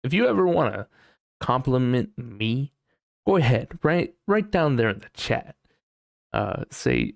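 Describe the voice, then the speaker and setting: A young man chats on his own podcast at an unhurried, drawn-out pace. He rambles and mocks himself, now and then jumping into silly voices. His voice is close and dry, with no room sound around it. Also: medium pitch, sing-song, creaky, dry recording. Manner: rambling, self-mocking, jumps into goofy mock voices. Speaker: podcast host. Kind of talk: casual solo chat with a live chat.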